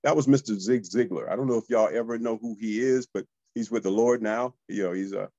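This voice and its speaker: High-energy man telling stories. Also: a little fast, dry recording, dull audio. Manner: high-energy, animated, addresses listeners as y'all. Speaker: real estate coach. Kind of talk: motivational storytelling.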